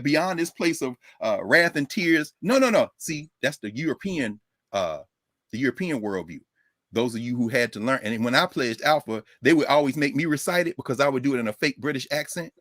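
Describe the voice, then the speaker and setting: Animated husky man lecturing. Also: mid-range voice, no room sound, clean studio sound. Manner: animated storyteller, preacher-like rhythm, laughs often. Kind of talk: lively informal lecture.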